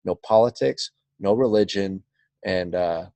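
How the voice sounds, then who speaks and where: A man's voice: low voice, measured pace, creaky, warm tone, dry recording. A man telling a story as a podcast guest, swearing freely and acting out the quotes. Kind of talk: casual storytelling.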